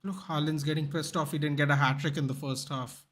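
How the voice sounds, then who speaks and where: A young man with a voice on the high side hosts a live football watchalong, talking briskly. He's animated and chatty, reacting casually to the match and reading messages from viewers.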